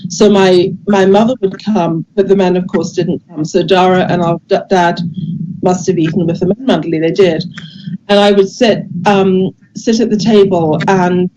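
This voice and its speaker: An older woman who grew up in England, gently recounting memories in a casual, hesitant way with many restarts, over a video call. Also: fairly low pitch, steady tone, moderate pace, lo-fi sound, slight background noise. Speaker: guest speaker sharing memories.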